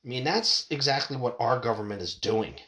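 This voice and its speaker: A man's voice: mid-range voice, fairly quick, sharp tone. A middle-aged man ranting heatedly and profanely into a desk mic at home. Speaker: podcaster. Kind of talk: ranting monologue. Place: home room, window open.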